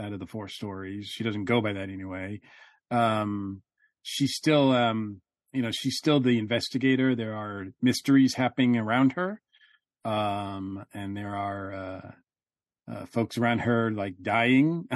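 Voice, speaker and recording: On a podcast, a male co-host with a fairly low voice chats casually about a review, rambling with frequent fillers and restarts. The sound is clean studio audio with no room sound.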